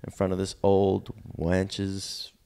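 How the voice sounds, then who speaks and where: Gravelly-voiced man telling a wild story. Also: low voice, monotone, slow, dark tone, slight background noise. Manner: spins an escalating, exaggerated revenge tale. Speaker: podcast co-host. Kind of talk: casual comedic storytelling.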